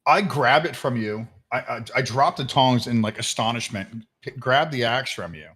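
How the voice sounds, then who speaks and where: A man playing a tabletop game, describing his character's actions in an animated, rambling way. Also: medium pitch, normal speed, breathy edge. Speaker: player. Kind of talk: tabletop game role-play.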